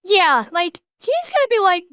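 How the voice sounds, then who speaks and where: A woman streamer giving casual reaction commentary, excitable, swearing freely and laughing often. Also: extremely high pitch, moderate pace, no echo, muffled recording.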